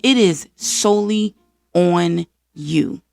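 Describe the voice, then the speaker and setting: An American woman from the East Coast hosting a podcast, giving an energetic, preachy faith-based motivational talk and acting out voices of the people she quotes. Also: on the low side, slow pace, vocal fry, no room sound. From East Coast of the United States. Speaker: podcast host.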